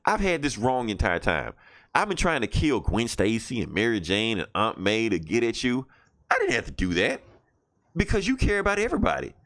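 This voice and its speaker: A man's voice: mid-range voice, very animated, a little fast, a bit bright. A man doing a gloating goblin villain. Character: gloating cruel male goblin supervillain.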